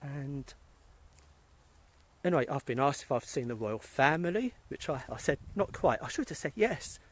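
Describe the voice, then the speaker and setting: A man's voice: mid-range voice, sing-song, normal speed. Chatty British man on a phone live stream. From England. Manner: chatty, rambling, greets viewers by name. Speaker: spiritualist medium vlogger. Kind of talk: casual live-stream chat. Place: outdoors in a cemetery. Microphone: phone held while walking.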